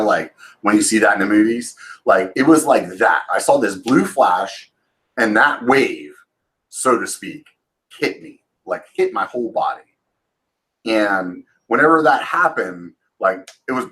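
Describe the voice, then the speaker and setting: A man's voice: on the low side, fairly bright tone, poor audio. A man in his forties telling a long story casually as a channel host, swearing freely and rambling with fillers and restarts, now and then acting out quotes in a raised voice. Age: 40s.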